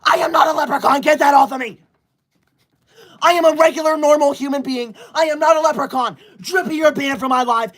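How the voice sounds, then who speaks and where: A man in his twenties playing a touchy, self-important young livestreamer who reads super chats in an indignant, whiny way and shouts at viewers. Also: high-pitched, lively intonation, moderate pace. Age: 20s. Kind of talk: parody livestream skit.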